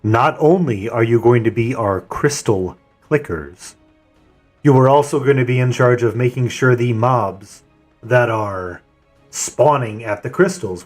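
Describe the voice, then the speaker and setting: A man on voice chat leading a game raid, calmly explaining a plan and handing out tasks. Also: medium pitch. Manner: calm, methodical, assigns tasks. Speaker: raid leader and streamer. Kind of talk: voice chat while gaming.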